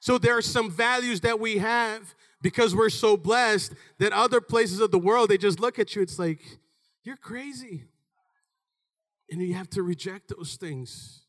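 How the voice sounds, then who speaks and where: A man in his thirties preaching a sermon with animated, emphatic delivery. He calls out to the congregation and sometimes breaks into shouts. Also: high-pitched, moderate pace, few pauses.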